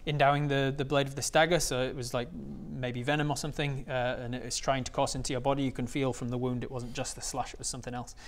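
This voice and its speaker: A man's voice: mid-range voice, little pitch movement, fast, few pauses. A man running a tabletop game as game master, explaining rules with many fillers and restarts. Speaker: dungeon master.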